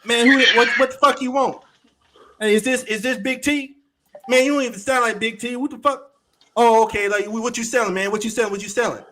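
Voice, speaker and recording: A man's voice: very high-pitched, fairly even intonation, fairly quick, bright, forceful tone, a little hiss or hum, voice pushed up. A man putting on a brash street hustler. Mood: aggressive. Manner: brash, cursing, boastful. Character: loud swaggering male street hustler on the phone.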